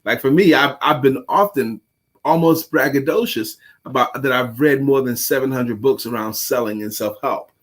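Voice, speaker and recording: A man co-hosting a talk show in a relaxed, conversational way. He talks thoughtfully, with plenty of pauses, in a voice of ordinary pitch. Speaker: co-host, sales coach. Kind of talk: casual chat.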